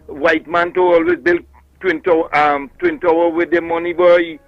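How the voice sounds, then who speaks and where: A Trinidadian man phoning a talk radio show, his gravelly voice swinging up and down with lively pitch. The sound is dry and muffled, squeezed through a phone line, and his tone stays scornful. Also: normal speed, dry recording. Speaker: caller. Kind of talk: call-in radio comment.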